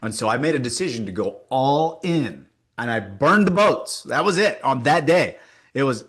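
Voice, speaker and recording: A man's voice: medium pitch, moderate pace. A man being interviewed, telling a story with energy and acting out the dialogue he quotes. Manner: animated storyteller who acts out quoted dialogue; frequent fillers and restarts, emphatic. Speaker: interview guest. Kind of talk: casual conversational interview.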